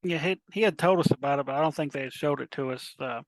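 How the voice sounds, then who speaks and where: A Southern man with a somewhat high voice hosts a casual podcast chat. He stumbles and repeats words often. The recording is dry and close. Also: fast, no room sound.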